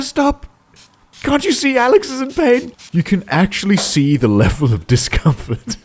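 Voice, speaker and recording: A young man giving sarcastic comedic commentary on videos, breaking into high yelling outbursts. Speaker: YouTube commentator.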